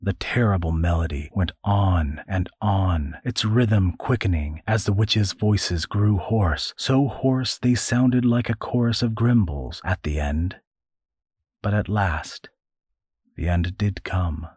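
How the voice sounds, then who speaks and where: Slow, low-voiced male narrator. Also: a little mellow, husky, dry recording, clean studio sound. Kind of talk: scripted narration.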